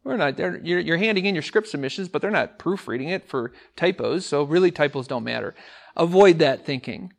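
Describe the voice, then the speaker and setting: A man teaching a class of speech students, talking with energy and throwing questions out to the room. His voice sits a little higher than most men's. He repeats key words to drive a point home. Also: expressive, fairly quick, creaky. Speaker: English teacher and speech coach. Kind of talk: classroom lecture.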